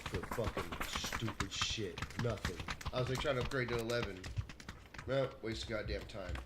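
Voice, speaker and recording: A man's voice: lowish voice, normal speed. Furious swearing man ranting at his computer. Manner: furious profanity-laden ranting, swinging from yelling to muttering. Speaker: gaming streamer. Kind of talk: angry rant while streaming. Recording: echoey room with faint background noise.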